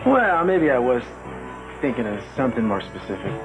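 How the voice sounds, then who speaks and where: An actor playing an affectionate young man in a 1980s TV soap opera, talking in a warm, playful, romantic way. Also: medium pitch, very animated, normal speed, over music, close to an everyday voice, low-quality recording.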